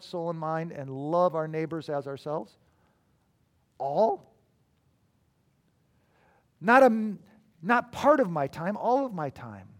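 A man preaching a sermon as a pastor, emphatic, with sudden swings between loud declarations and quiet asides. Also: sits high.

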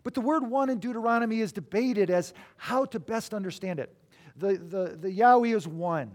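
A man preaching a sermon as a pastor, emphatic, with sudden swings between loud declarations and quiet asides. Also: high voice, moderate pace.

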